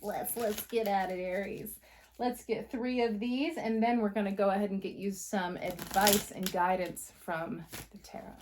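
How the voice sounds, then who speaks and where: A woman's voice: mid-range voice, darkish tone, a little hiss or hum. Woman, tarot reader, blunt, passionate, swearing, casual talk to camera. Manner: blunt, passionate, swears freely, quick bursts.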